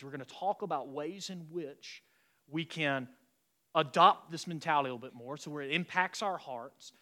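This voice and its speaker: A man preaching a sermon as pastor in a church, swinging between loud exhortation and quiet, intimate passages. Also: a little high.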